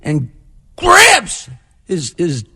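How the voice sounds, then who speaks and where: An older male comedian telling jokes on morning radio, energetic and teasing. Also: sits high, very slow, breathy edge. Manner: energetic, teasing, animated storyteller. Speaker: comedian guest. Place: radio studio.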